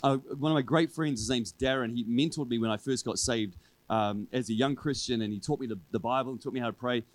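A man preaching a sermon to his church in a relaxed, conversational way, driving his points home with repeated refrains. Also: mid-range voice, brisk, no room sound, poor audio. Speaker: pastor. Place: church service with a congregation.

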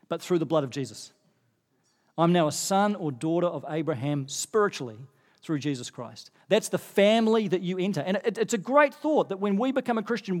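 A middle-aged male pastor with a high, bright voice preaches a sermon that rings out into a long church-hall reverb. On the points he stresses, he becomes animated and his pitch climbs.

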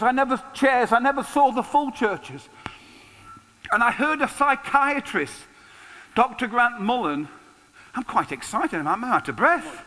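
A pastor in his sixties preaches in a large hall, and his high, bright voice trails a long reverb. His sermon stays conversational and lively, with touches of humor.

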